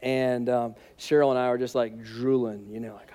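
A man's voice: medium pitch, flat delivery, normal speed, mellow. A man preaching a sermon in a conversational, humorous and emphatic way. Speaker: pastor.

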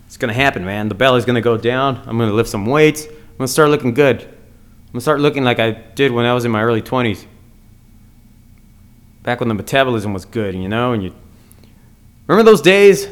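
A man hosting his own comedy podcast alone, talking in a profane, excitable, rambling way. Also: mid-range voice, brisk, long pauses. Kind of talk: casual solo podcast monologue.

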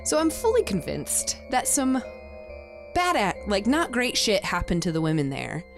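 A woman's voice: normal speed, over music. Young woman telling ghost stories, swearing freely. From Texas. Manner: animated, swears freely, acts out quoted people in a higher voice. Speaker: podcast speaker. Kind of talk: casual storytelling.

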